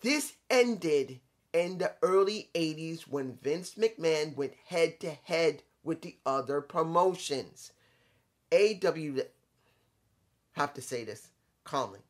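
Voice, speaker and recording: Man doing a solo wrestling opinion vlog, preachy and repetitive, keeps reining himself in. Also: fairly high pitch. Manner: lecturing, repeats himself, stops to calm himself. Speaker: wrestling commentary vlogger. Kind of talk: solo opinion rant to camera.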